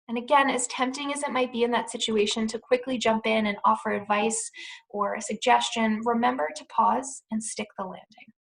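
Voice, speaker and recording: Young American woman clinician, fairly high voice, calm and reassuring, for a parent webinar. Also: a little fast, creaky, low-quality recording. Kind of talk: pre-recorded educational talk.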